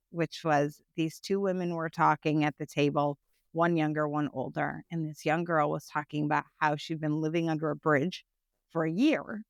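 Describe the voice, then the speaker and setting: Smooth-voiced woman telling her story frankly. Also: sits low, no echo. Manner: frank, animated, tags points with "right?". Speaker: nonprofit founder, guest. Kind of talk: candid personal storytelling.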